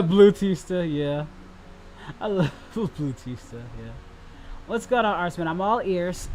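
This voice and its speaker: Excitable male streamer chatting with viewers. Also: sits high, takes it slowly, a little hiss or hum, rough recording. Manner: rambling, repeats phrases, bursts into shouting and laughter. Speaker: livestream host answering chat. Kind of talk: casual livestream Q&A.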